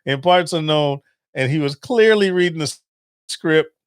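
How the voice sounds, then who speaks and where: This podcast host's voice is a little high and smooth, moving at a moderate pace as he casually and animatedly tells stories, laughs and acts out phone calls in a monologue. The recording is dry.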